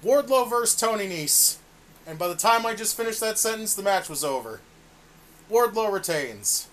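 A man's voice: high voice, lively intonation, normal speed, fairly bright tone. A man co-hosting a casual podcast, ranting with exasperation and constant swearing. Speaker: podcast co-host reviewing wrestling. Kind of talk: casual profane chat.

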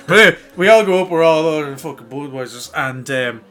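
A man's voice: a little high, fast, soft background music. Profane Dublin man spinning a yarn. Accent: Dublin Irish. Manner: animated, profane storyteller acting out voices. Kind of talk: casual storytelling chat.

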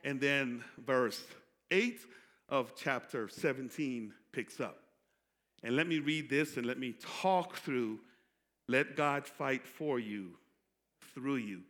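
A man pastor preaching a sermon, calling out to the congregation for responses and building from quiet teaching to loud preaching. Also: medium pitch, takes it slowly. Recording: echoey hall.

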